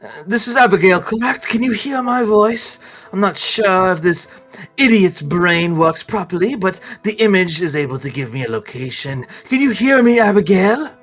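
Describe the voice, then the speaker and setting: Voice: mid-range voice, animated, moderate pace, soft background music, voice pushed up. A game master voicing a sinister, gloating male villain lord who mocks and threatens. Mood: menacing. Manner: menacing, mocking, erupts into shouts.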